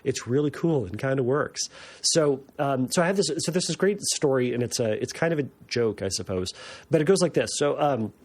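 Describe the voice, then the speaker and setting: A man's voice: mid-range voice, expressive, brisk. A man hosting a podcast, talking casually and explaining things with lots of fillers and restarts. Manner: conversational, many fillers and restarts. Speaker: podcast host.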